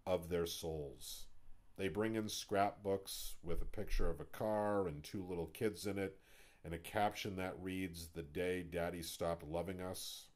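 A man's voice: on the low side, warm tone. A man who hosts a podcast, reading his own book aloud in a wry, dry storytelling manner full of rhetorical questions. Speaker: podcast host.

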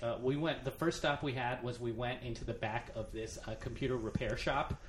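A man's voice: mid-range voice, steady tone, brisk, roomy sound, noisy background. A man hosting a podcast, telling rambling stories full of fillers in casual chat. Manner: rambling, laughing storytelling with many fillers. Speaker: podcast host.

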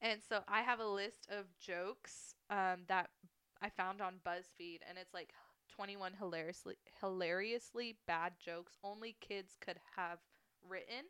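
A woman's voice: mid-range voice, steady tone, a little slow, fairly bright tone, clean tone, no echo. A woman hosting a casual podcast chat, reading kids' jokes aloud and giggling often. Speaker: podcast host.

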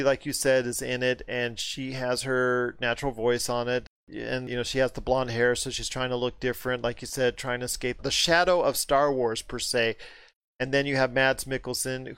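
A man hosting a casual movie chat, getting animated and rising in pitch when something puzzles him. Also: clear, resonant tone, dry recording. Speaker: podcast host.

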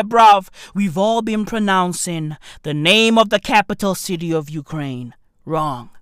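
A woman in a slangy, profane comedic rant who keeps asking rhetorical questions and swings from shouting to hushed muttering. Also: medium pitch, smooth, no echo, clean studio sound. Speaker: commentator.

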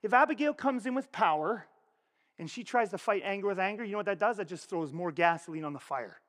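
Male pastor, pitched high, chatty sermon delivery with long hall reverb. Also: fast talker. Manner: animated, conversational preaching with frequent rhetorical questions. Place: church.

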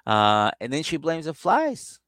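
A man's voice: on the high side, wildly swooping pitch, unhurried, fairly bright tone, dry recording, clean studio sound. A man co-hosting a podcast, chatting casually and acting out quotes in exaggerated voices while laughing often. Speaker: podcast co-host. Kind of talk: casual comedic recap chat.

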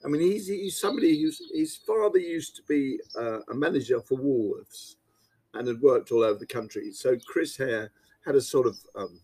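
A man's voice: mid-range voice, normal speed, dark tone, breathy edge, no room sound. A man hosting a podcast, telling a rambling anecdote with frequent laughs. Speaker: podcast host. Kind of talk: casual chat, anecdote.

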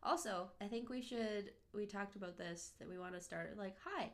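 A woman's voice: medium pitch, normal speed. A young woman co-hosting a podcast in casual chat, upbeat and playful, giggling easily, on a studio mic. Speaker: podcast co-host. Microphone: headphones and studio mic.

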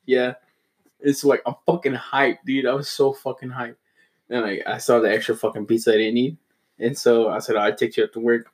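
A man's voice: medium pitch, flat delivery, moderate pace. A man telling a long, rambling story among friends, swearing a lot and mocking himself. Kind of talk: casual chat.

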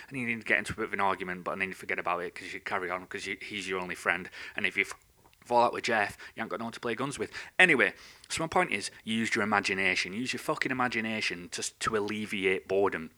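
Guy ranting on his podcast, low pitch, really bright cutting tone, swears constantly, goes off on tangents. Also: fast. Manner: sweary, rambling, animated. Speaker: podcast host. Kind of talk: ranting monologue.

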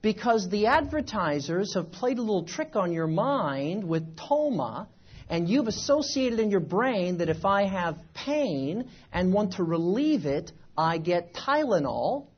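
Man, seminar speaker, husky voice, animated, repetitive, rhetorical questions, dull lo-fi recording. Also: high voice, unhurried. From United States. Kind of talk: motivational seminar talk. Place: event room with a live audience.

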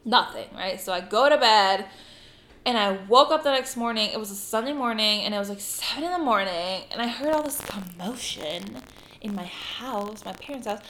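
A young woman co-hosting a podcast, telling a story in casual chat, animated and swearing freely as she acts out the people in it. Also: mid-range voice, moderate pace, roomy sound, slight background noise. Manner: animated, swears a lot, acts out quoted voices. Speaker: podcast co-host.

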